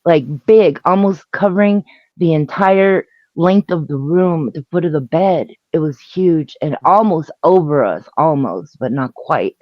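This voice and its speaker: A woman telling a story on a live stream in a halting way, laughing and restarting her sentences. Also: sits low, animated, no room sound, lo-fi sound. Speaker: guest storyteller. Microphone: video call.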